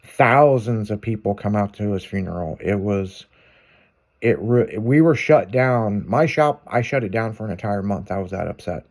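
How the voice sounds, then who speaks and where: A man's voice: fairly low pitch, animated, normal speed. Brief: male talk show regular, rowdy storyteller, curses freely, laughs through his anecdotes. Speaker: shop owner telling stories on a show. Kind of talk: casual storytelling chat.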